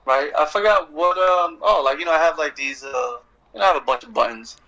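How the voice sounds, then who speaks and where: A middle-aged man in casual podcast talk, an animated, profane storyteller who acts out exchanges. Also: a little high, brisk, poor audio. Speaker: poet and guest.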